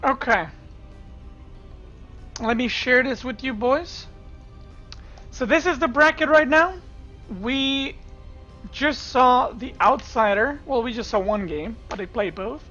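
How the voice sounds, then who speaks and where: A woman's voice: high-pitched, slow, pauses often, fairly bright tone, dull audio, soft background music. A woman streamer giving casual esports commentary, chatting straight to her viewers from a home streaming setup. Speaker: streamer and caster.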